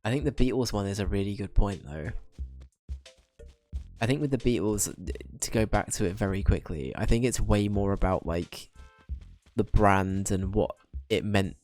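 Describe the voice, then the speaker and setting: A man's voice: lowish voice, darkish tone. A young man chatting casually while streaming a game. He rambles, restarts his sentences and laughs often.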